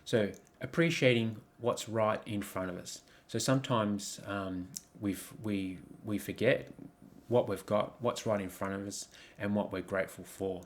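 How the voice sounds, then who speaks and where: A man's voice: on the low side, steady tone, a little slow, hardly any pauses. A man giving a coaching talk over slides, reflective, posing many questions, with frequent ums and restarts. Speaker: life coach.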